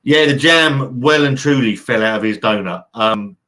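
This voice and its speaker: A man's voice: medium pitch, moderate pace, pushed and bright. A man hosting a casual live stream from home, rambling, swearing casually and reading out chat messages. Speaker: channel host. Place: home room by an open window.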